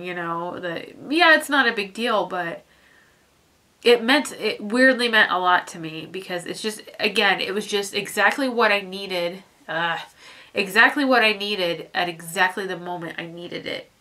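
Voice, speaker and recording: A young woman in a personal vlog, heartfelt and halting, near tears as she talks. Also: medium pitch, sharp tone. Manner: halting, heartfelt, many restarts and fillers. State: teary, fighting back tears. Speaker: vlogger.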